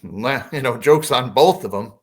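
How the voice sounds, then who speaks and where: A man who is a podcast guest, telling a story in a casual, animated way and acting out the voices in it. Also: medium pitch, moderate pace.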